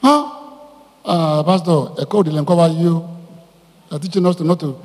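Husky-voiced preacher in an echoey hall. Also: male voice, a little high, moderate pace, pauses often. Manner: animated preaching, asks the congregation questions. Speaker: pastor. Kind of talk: sermon. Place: church hall.

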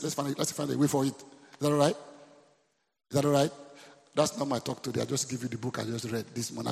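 A man's voice: medium pitch, gravelly, a little mellow, big-room sound. A Nigerian man preaching as a pastor, often checking in with the congregation and repeating his points. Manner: preachy call-and-response, repeating lines to the congregation. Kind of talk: sermon. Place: church.

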